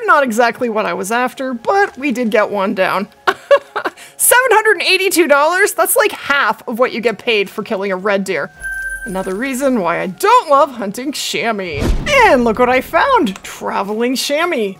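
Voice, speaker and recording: A woman hosting her own gaming channel, chatting and reacting out loud as she plays a hunting game. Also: fairly high pitch. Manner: chatty, excitable, talks to herself while playing. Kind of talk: casual gameplay commentary.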